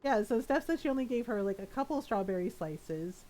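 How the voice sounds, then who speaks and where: A woman's voice: on the high side, expressive, fairly quick, mellow, a little hiss or hum, rough recording. A middle-aged woman casually telling a story to her stream chat, rambling with fillers, laughing often and asking "right?".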